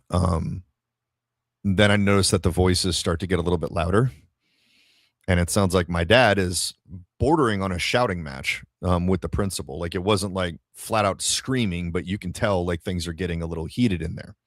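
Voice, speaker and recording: A man's voice: deep voice, normal speed, no room sound. A man hosting a podcast, telling a story to a live audience in a rambling, casual way, full of fillers and swearing. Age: adult father of a toddler. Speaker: podcast host.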